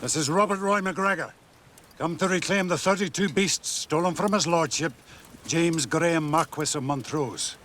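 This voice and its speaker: A man plays a commanding Highland clan leader in a period film, speaking with a Scottish accent. His voice is bright and a little high. Faint noise sits behind him. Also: normal speed, natural voice. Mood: proud.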